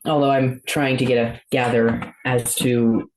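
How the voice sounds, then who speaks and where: A young adult guest on a casual podcast, awkward and hesitant, laughing between halting sentences. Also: medium pitch, little pitch movement, a little mellow, roomy sound, rough recording.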